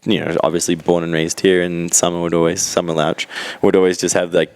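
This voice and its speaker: Deep-voiced Australian man, laid-back. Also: flat delivery, a little fast, smooth. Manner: rambling, laid-back, laughs often. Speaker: guest, pro racer. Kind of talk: casual interview chat.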